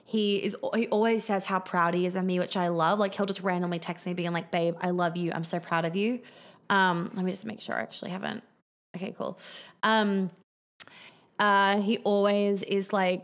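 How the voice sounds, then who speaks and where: Chatty young woman hosting a live Q&A. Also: fairly low pitch. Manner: chatty, frequent fillers and swearing. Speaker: podcast host answering viewer questions. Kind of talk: casual live Q&A chat.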